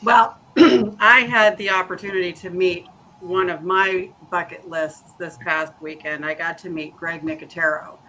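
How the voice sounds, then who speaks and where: Bright-voiced candid woman in her fifties. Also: on the low side, steady tone, measured pace, a little hiss or hum, rough recording. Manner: candid, self-mocking, swears freely. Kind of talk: casual chat.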